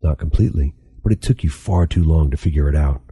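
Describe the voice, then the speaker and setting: A man's voice: very deep voice, fast talker, dark tone, husky, dry recording, full character voice. A man voicing a stern, impatient mentor figure in an audiobook, curt and scolding. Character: stern harsh male mentor, impatient and cold. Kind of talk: audiobook character reading.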